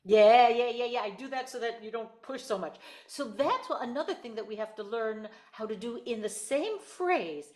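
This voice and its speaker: A woman's voice: fairly high pitch, lively intonation, moderate pace, hardly any pauses, a little mellow. A woman voice teacher giving a singing lesson over a video call, explaining in careful detail and repeating her points.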